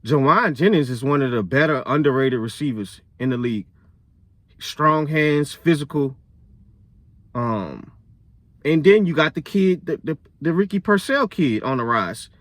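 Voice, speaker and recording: A young man giving casual football commentary in a blunt, opinionated way, full of slang and fillers, and getting louder when he is fired up. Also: fairly high pitch, animated, measured pace, no room sound. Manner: loose slangy talk with many fillers. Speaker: sports vlogger.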